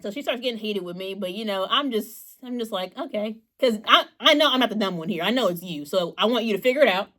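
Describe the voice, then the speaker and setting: A young woman co-hosting a chatty podcast, telling a work story in a lively, animated way and acting out the people in it. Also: mid-range voice, quick pace, hardly any pauses. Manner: animated storyteller, acts out callers in raised voices. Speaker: podcast co-host. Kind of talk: casual storytelling.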